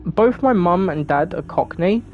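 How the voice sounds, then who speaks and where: A woman's voice: lowish voice, expressive, measured pace, lo-fi sound, faint music behind. A woman with a southern English accent, from England, chatting casually while streaming a game, sweary, giggly and rambling.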